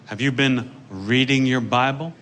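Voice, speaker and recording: Stand-up bit: a man voicing a calm old grandmother, pious and stingy, bright and plain. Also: mid-range voice, measured pace, slight background noise, close to an everyday voice. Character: pious, tight-fisted elderly grandmother.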